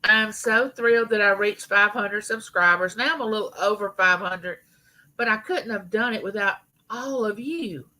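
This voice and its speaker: A bright, forceful, mid-range female voice speaks at normal speed over slight background noise on a low-quality recording. The speaker, a middle-aged Southern woman from Mississippi, hosts a casual YouTube live chat and says hello to viewers by name.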